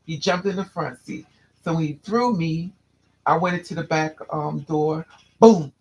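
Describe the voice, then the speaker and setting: Guy telling his own story, kinda high voice with a lot of fry, restarts his sentences a lot. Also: fairly even intonation, normal speed, poor audio. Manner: candid, restless, repeats and restarts phrases. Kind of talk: personal storytelling to a listener.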